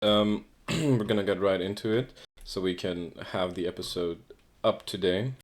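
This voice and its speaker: Deep-voiced laid-back young man. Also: moderate pace. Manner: laid-back, dry, explains plays step by step. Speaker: podcast co-host. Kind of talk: casual gameplay commentary.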